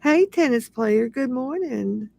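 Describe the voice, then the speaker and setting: Woman streamer, gravelly voice, dry close sound, aggrieved rambling rant. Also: a little high, animated, takes it slowly, darkish tone, dry recording. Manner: aggrieved, repetitive ranting. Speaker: livestream host. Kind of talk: casual livestream talk.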